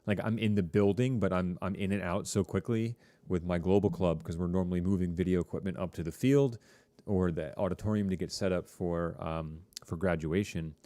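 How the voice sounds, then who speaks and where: A man teaching a high school TV production class, chatting casually to students on a live stream with lots of fillers and rambling asides. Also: steady tone, a little fast, dark tone, no room sound.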